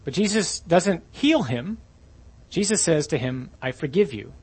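A man's voice: fairly high pitch, lively intonation, measured pace, a little mellow, husky. A man preaching a sermon in a conversational way, often putting questions to his listeners.

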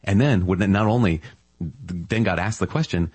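A man's voice: sits low, lively intonation, normal speed, a little mellow, husky, no room sound. A man giving a casual, enthusiastic reflection on scripture as a Catholic preacher, often marvelling aloud.

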